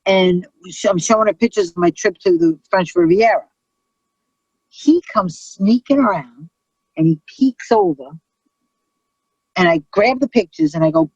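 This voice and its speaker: Brash, profane New comic woman, middle-aged, husky and dry-voiced. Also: medium pitch, normal speed, pauses often, dry recording, muffled recording. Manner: brash, profane, animated storyteller. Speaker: comedian guest. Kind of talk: casual storytelling chat.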